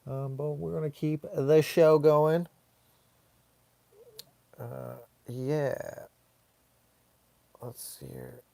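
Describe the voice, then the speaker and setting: Slow, laid-back man chatting on a live stream. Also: on the high side, steady tone, creaky, mellow, no echo. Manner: rambling, laid-back, reads chat comments aloud. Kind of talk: casual live-stream chat.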